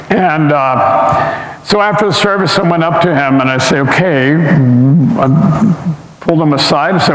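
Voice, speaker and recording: A man's voice: on the high side, unhurried. An older man preaching a sermon, rambling through personal stories with many fillers and restarts. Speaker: pastor. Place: church sanctuary. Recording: echoey church sanctuary with long reverb.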